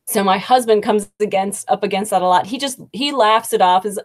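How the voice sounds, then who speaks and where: A woman in her thirties hosting a live English lesson, explaining slowly and kindly with examples. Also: mid-range voice. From United States. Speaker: English teacher and host. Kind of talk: live-streamed teaching talk.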